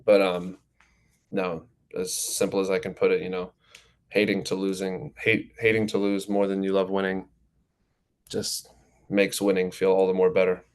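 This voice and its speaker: A teenage young man from New Jersey, answering interview questions in a relaxed, rambling way with plenty of fillers. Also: sits low, moderate pace, clean tone. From New Jersey, USA. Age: teens. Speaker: goalkeeper guest.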